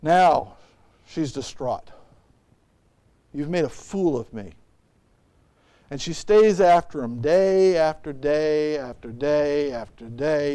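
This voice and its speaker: High-voiced man preaching an animated sermon. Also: measured pace, pauses often. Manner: animated storytelling, acting out quotes. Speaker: pastor. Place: church.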